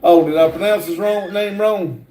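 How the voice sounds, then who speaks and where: A man hosting a casual livestream, reading viewer comments aloud in a halting drawl from a garage workshop. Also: sits high, warm tone, roomy sound, slight background noise, rough recording. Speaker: livestream host reading chat.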